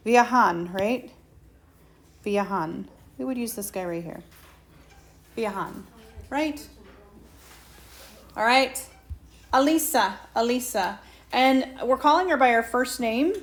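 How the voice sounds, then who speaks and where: A woman teacher, slowly and patiently walking students through a Spanish lesson and asking them questions. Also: on the high side. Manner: slow patient explaining, asks students questions. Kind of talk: recorded whiteboard lesson. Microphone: tablet mic.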